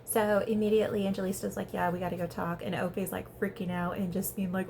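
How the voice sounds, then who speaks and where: A woman giving a casual, chatty recap of a reality show episode, talking fast and peppering her speech with "like". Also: medium pitch, creaky, slight background noise. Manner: chatty, animated, heavy use of "like". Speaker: reality TV reviewer.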